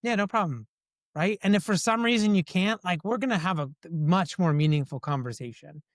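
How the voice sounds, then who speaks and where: Guy being interviewed, higher voice for a man, dry close sound, animated storyteller. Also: brisk, no room sound. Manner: animated storyteller who acts out quoted dialogue. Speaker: guest. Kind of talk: conversational interview answers.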